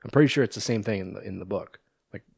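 Male podcast co-host, low-pitched, relaxed plot recap full of fillers, dry recording. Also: fast talker, creaky, slightly rough, no echo. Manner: retells scenes with many ums and restarts. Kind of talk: casual movie discussion.

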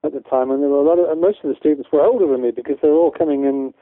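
A UK man appears as a guest educator in a casual interview, speaking rapid-fire in a voice on the high side. He rambles with many restarts, and the audio is dry, tinny and phone-line quality.

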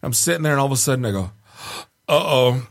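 A man at a middle pitch spins a long embarrassing story for his podcast co-hosts. He talks in an animated way and keeps breaking into chuckles as the story goes on. The chat is loose and casual. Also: very fast.

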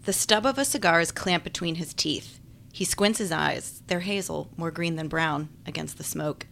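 A woman's voice: low voice, normal speed, creaky, a bit bright, slight background noise. A woman giving wry, chatty first-person audiobook narration. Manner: wry, chatty, self-deprecating.

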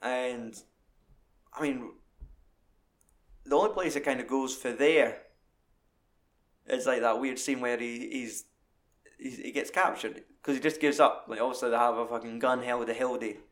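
Guy on a podcast, swearing loads, really into it, normal pitch. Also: moderate pace, long pauses. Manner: sweary, animated, enthusiastic. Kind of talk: casual film chat.

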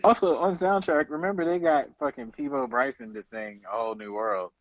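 A man's voice: medium pitch, steady tone, fairly quick, dry recording, muffled recording. A man co-hosting a casual chat, laid-back, with blunt asides.

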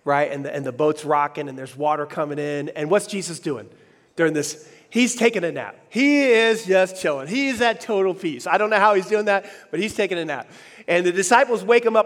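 Guy preaching a sermon, pretty high voice, big reverby hall. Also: brisk. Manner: animated preaching, acting out quoted voices. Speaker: pastor.

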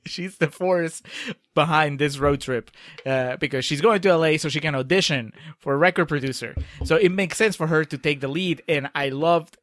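Young male co-host, upbeat and giggly, pitched a bit high, dry close recording. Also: normal speed, a bit bright, dry recording. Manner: giggly, enthusiastic. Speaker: podcast co-host. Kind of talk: casual movie recap chat.

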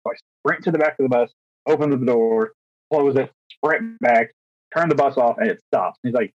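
Speaking a little fast, a young teacher co-hosting a podcast tells a story in a husky mid-range voice, animated and casual, with acted-out quotes and plenty of fillers and restarts. He's recorded close and dry with no room sound, giving a slightly dull lo-fi tone.

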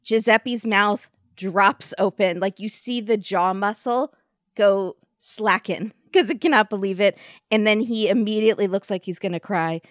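A woman co-hosting a chatty recap podcast, her mid-range voice recorded close and dry. She retells the events with wry humor and lively energy, often breaking into laughs. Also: medium pitch, moderate pace, dry recording. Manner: wry, animated storytelling with frequent laughs. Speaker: podcast co-host. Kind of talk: casual recap chat.

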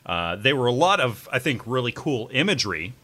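A man's voice: mid-range voice, sing-song, fairly quick, bright, forceful tone. A man hosting a podcast, talking in a rambling casual way with many fillers. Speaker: podcast host. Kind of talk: casual chat.

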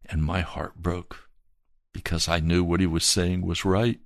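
A man preaching a slow, earnest sermon and telling a personal testimony. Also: deep voice, flat delivery, dry recording, studio quality. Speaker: pastor.

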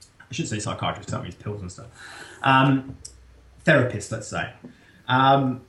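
A man with a British accent, a guest telling a story in casual conversation, animated and often laughing. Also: mid-range voice, a little slow, roomy sound, slight background noise.

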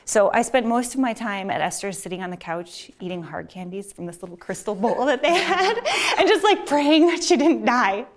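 A woman's voice: on the high side, big pitch swings, normal speed, hardly any pauses, slight background noise. A woman physician telling a personal story on stage, casual and chatty, with many fillers and frequent laughs.

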